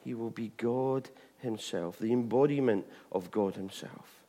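Man, informal sermon, conversational asides, lively emphasis, quiet hushed drops. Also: measured pace. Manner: chatty, with frequent "you know what I mean" and restarts; lively pitch swings, dropping to hushed tones for emphasis. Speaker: preacher.

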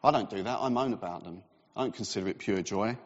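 A man's voice: fairly low pitch, quick pace. A man preaching a sermon in a conversational, self-deprecating way. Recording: reverberant, slightly dull hall recording.

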